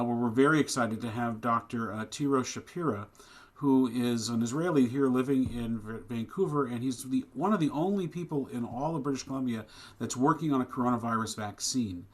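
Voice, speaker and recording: A rabbi preaching with rising passion. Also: male voice, mid-range voice. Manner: plain and conversational in announcements, rising to impassioned preaching. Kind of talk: sermon and announcements. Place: synagogue service, streamed online.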